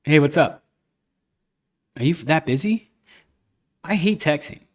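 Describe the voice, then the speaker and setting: A man's voice: a little high, animated, unhurried. A man hosting a podcast, telling stories and opinions in a candid, rambling casual chat. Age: adult, a father. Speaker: podcast host.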